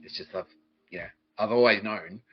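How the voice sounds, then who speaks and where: A man's voice: fairly low pitch, brisk, slightly rough. A man hosting a podcast, ranting in a rambling, profane monologue and mocking people in put-on voices. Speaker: podcast host. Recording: dull lo-fi recording.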